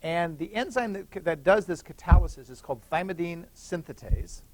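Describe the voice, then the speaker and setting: A man's voice: a little high, lively intonation, normal speed, darkish tone, slight background noise. A middle-aged man giving a classroom lecture, explaining step by step, repeating key points and checking in with "okay?". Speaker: university biochemistry lecturer. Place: lecture hall.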